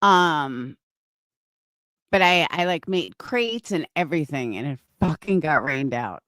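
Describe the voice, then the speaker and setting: A woman's voice: deep voice, animated, a little slow, fairly bright tone, no echo, clean studio sound. A middle-aged woman chatting casually on a live stream from home, swearing freely and answering viewers by name. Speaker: livestreamer and craft seller.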